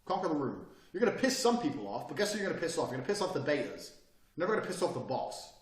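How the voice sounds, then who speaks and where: Brash profane male course presenter, lively swinging delivery, echoey room, mic at a distance. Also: a little high, racing. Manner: brash, profane, emphatic, mocks hesitant speakers. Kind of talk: lecture on body language and speaking. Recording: roomy echo, mic at a distance.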